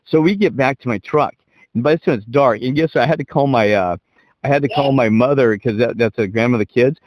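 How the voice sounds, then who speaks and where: A middle-aged man spinning a story in loose, profane chat, restarting his sentences and laughing along. His voice sits at an ordinary pitch. The recording is dry and close. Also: fast talker, a little mellow, no room sound, low-quality recording. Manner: rambling, profane, laughs while telling. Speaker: podcast co-host.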